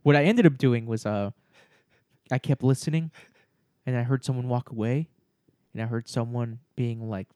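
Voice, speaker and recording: A man's voice: mid-range voice, moderate pace, pauses often, smooth, dry recording, clean studio sound. A man co-hosting a casual podcast, telling a story with lots of swearing and acted-out voices. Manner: animated, swears freely, acts out voices in stories. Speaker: podcast co-host.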